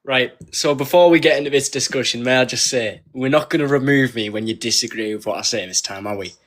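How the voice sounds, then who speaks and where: A man's voice: medium pitch, fast. A male caller on a debate livestream who talks in a sarcastic, taunting and crude way. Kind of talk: mocking debate banter.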